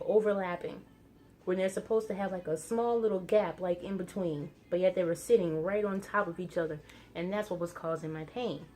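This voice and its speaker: A young woman casually telling a personal story to camera, with many fillers and quick excited bursts. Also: fairly low pitch. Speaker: vlogger.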